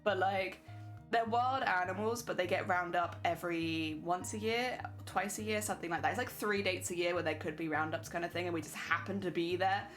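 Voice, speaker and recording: A woman's voice: lowish voice, a little fast, fairly bright tone, soft background music. A young woman streaming, chatting casually and laughing often while she reads chat.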